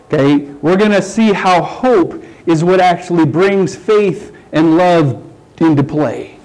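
A man's voice: high-pitched, takes it slowly, darkish tone, poor audio. Chatty man preaching a sermon. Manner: conversational, repeats "okay" and "right?" often. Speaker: pastor.

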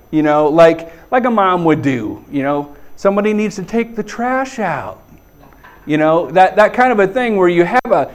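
A middle-aged man preaching a sermon in a conversational way, chuckling often and checking in with the congregation. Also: on the high side. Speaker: pastor.

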